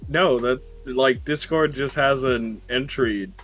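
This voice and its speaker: Male co-player on voice chat, relaxed and offhand, faint music in the background. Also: medium pitch, takes it slowly. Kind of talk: casual voice chat.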